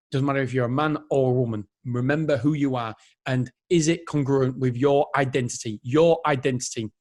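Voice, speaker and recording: A man in his thirties hosting a solo motivational podcast, talking with energy and rambling, often stopping to correct himself. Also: mid-range voice. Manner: energetic, rambling, self-interrupting. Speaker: podcast host.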